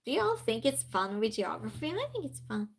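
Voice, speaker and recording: A woman hosts a trivia game on a live stream, chatting casually and reading viewers' messages aloud before answering them. Her voice is on the high side, very animated and brisk, with vocal fry and a breathy edge, in a rough recording.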